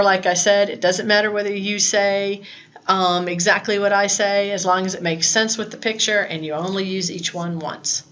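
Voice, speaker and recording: A woman's voice: fairly low pitch, a bit bright, muffled recording. A woman teaching a recorded lesson to her students in a patient, explaining way. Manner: patient, talks to students, mixes English and Spanish prompts. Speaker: Spanish teacher.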